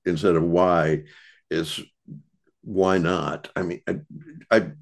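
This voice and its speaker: A man's voice: deep voice, flat delivery, slow pace, vocal fry. A man talking as a podcast guest in casual conversation, reflective and searching for his words.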